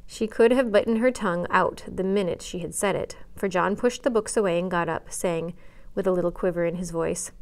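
A librarian reading a classic novel aloud at story time, gently expressive, pausing now and then for a quick aside. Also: female voice, medium pitch. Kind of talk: read-aloud storytime narration.

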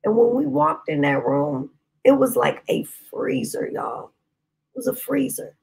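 A woman preaching a sermon, telling a testimony with impassioned shouting bursts. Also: on the high side, sing-song, unhurried, creaky. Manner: impassioned, shouting bursts, Southern-style speech.

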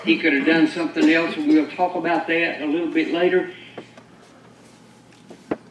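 A man's voice: fairly high pitch, little pitch movement, moderate pace, a little hiss or hum. A pastor preaching a sermon, pressing his points with rhetorical questions and emphatic declarations to a congregation. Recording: echoey church from far off.

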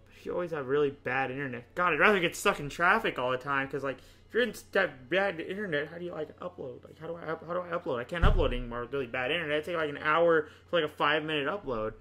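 A young man hosting a casual gaming video, chatting and thinking out loud, often laughing as he rambles through choices. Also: fairly high pitch, quick pace, hardly any pauses. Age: young adult. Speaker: YouTube host playing a choice game.

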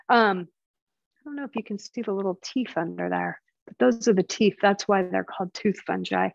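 A woman's voice: medium pitch, normal speed, creaky, dry recording. An American woman giving a casual, chatty live online presentation over a video call. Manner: chatty, apologetic through tech glitches. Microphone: video call setup. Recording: dry, slightly muffled video call audio.

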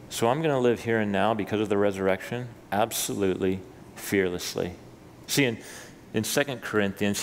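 A man, a pastor, preaching a sermon with lively rises when he reads scripture and chatty asides to his listeners. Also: fairly low pitch, long reverb tail, a little hiss or hum. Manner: animated preaching, voice rising for quoted scripture; conversational asides to the congregation. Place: church sanctuary.

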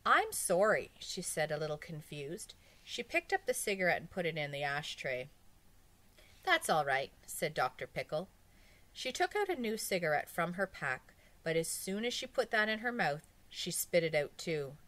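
A woman reading a children's story aloud in an expressive storybook manner. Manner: expressive, slow, lively pitch. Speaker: audiobook reader. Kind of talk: storybook narration.

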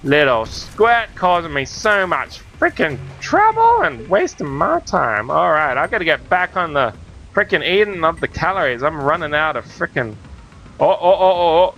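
A young Australian man with an Australian accent, giving excitable, joking gameplay commentary as a let's play host and yelping at the game. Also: on the high side, moderate pace, gravelly, faint music behind. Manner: excitable, yelps and jokes at the game.

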